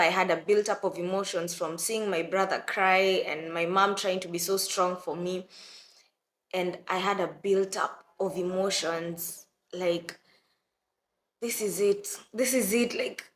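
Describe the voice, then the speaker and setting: A young Kenyan woman with a Kenyan accent, telling a personal story to her viewers in a lively, casual way. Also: fairly low pitch, roomy sound. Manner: animated, addresses viewers as "guys", acts out quotes. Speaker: vlogger.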